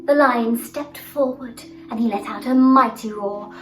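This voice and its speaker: A woman telling a children's story with dramatic, expressive narration. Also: a little high, a little slow, hardly any pauses. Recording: roomy, distant, music behind.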